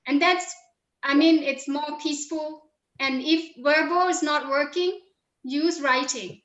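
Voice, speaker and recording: High-voiced calm woman on echoey call. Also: unhurried. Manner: calm, orderly, steps through a plan. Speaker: panel participant. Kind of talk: calm explaining on a panel.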